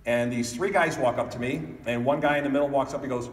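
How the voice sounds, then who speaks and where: A man's voice: medium pitch, fast. A man giving a motivational keynote speech at a conference, telling stories and speaking straight to the audience. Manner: animated storytelling, addressing the audience directly. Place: conference hall. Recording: echoey hall picked up from a distance.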